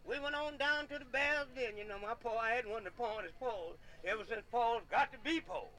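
A man's voice: very high voice, a little fast, sharp tone, low-quality recording. A man telling comic folk stories in a folksy way, often laughing and repeating "yeah.". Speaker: storyteller.

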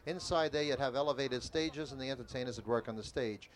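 An older man demonstrating a carnival sideshow talker's pitch, with booming, rhythmic showman patter. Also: a little fast. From California.

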